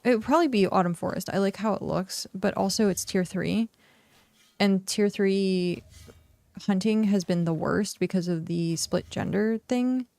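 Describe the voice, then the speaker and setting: A gravelly, slightly mellow mid-range voice belongs to a woman casually chatting as she streams a game, speaking at normal speed. She thinks out loud with lots of fillers and sentences that drift off, hiccuping and yawning along the way. The recording is dry.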